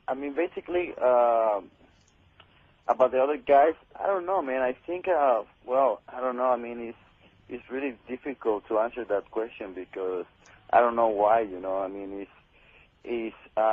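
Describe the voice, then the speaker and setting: Man on a tinny phone line. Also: mid-range voice. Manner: halting, many fillers and restarts. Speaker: wrestler guest. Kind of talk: radio phone interview.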